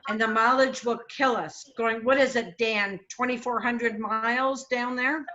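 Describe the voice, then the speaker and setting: A woman's voice: on the high side, fairly even intonation, measured pace, sharp tone, a little hiss or hum. A woman chatting with family about trip plans on a video call. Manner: chatty, planning aloud. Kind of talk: casual family chat. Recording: muffled video call audio.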